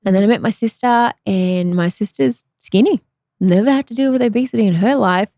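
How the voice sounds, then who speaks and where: A woman's voice: medium pitch, brisk, warm tone, dry recording, studio quality. A woman from Australia, hosting a podcast and telling her own story in a frank, chatty, self-deprecating way. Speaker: podcast host. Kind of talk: candid conversational storytelling.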